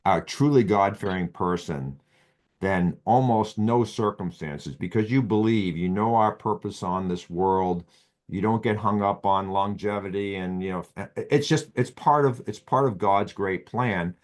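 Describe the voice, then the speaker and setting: A man's voice: fairly low pitch, unhurried, darkish tone. A man with a Boston accent talking casually on a podcast, rambling with frequent restarts and "you know" as he explains medical ideas. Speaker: physician guest.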